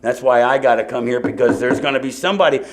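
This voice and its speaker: At a recovery meeting, a middle-aged man tells his story to an audience in a meeting hall. His voice is medium-pitched and fast, and his delivery is loose and conversational, full of asides and repeated "you know."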